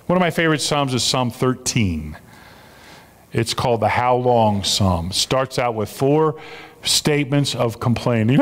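A man's voice: on the high side, lively intonation, moderate pace, a bit bright. A man preaching a sermon as a pastor, emphatic and repeating his key phrases for weight. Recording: long reverb of a large hall.

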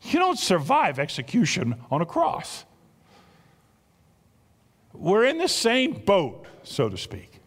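A man with a South Jersey accent preaching a sermon, animated and exclamatory, full of rhetorical questions. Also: sits high, slow, long pauses, long reverb tail. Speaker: pastor.

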